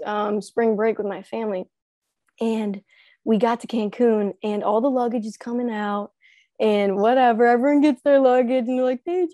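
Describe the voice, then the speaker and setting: A woman's voice: a little high, dark tone, dry recording. A young woman in casual podcast chat, telling a laughing, easygoing story.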